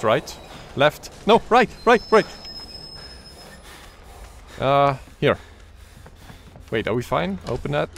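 A man giving casual let's-play commentary on a horror game, with a deep voice, swearing often and talking to himself as he plays. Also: a bit bright, slight background noise. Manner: swearing, jumpy, talks to himself. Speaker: gaming YouTuber.

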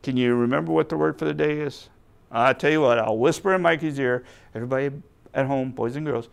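Gravelly man coaxing a puppet for kids. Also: medium pitch, brisk. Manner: patient, coaxing, talks to a puppet. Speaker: children's church leader. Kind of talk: puppet skit for children.

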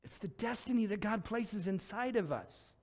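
A man preaching a lively sermon as pastor in a church, acting out voices as he goes. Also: high-pitched, moderate pace. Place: church sanctuary.

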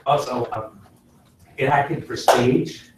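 A middle-aged man, an actor giving a casual lecture to a class, talking in an animated way and swinging between loud and soft to make his points. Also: medium pitch, slow, slight background noise. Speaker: guest actor speaking to a class. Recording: very echoey room, from far off.

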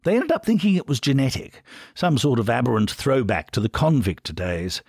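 A man's voice: mid-range voice, wildly swooping pitch, normal speed, darkish tone, breathy edge, no echo, studio quality, voice pushed up, full character voice. A man voicing a condescending, upper-class English older brother with a plummy, pompous drawl, in an audiobook reading.

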